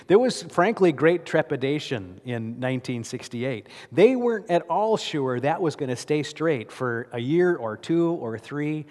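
A man's voice: a little high, expressive, measured pace, hardly any pauses, darkish tone. A male pastor preaching a sermon in a church sanctuary. He tells the story vividly and keeps asking the congregation rhetorical questions. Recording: long church reverb.

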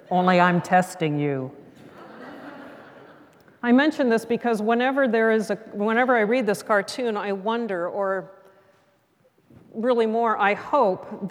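A middle-aged woman pastor preaching gently and reflectively, with a mid-range voice. Her words trail off into the long reverb of a church sanctuary. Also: medium pitch. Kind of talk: sermon.

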